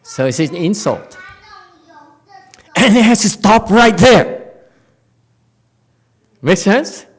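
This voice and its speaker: A man's voice: high-pitched, very animated, slow, pauses often, breathy edge. A man with a Korean accent giving a dharma talk as a Zen master, playful, telling stories and laughing often.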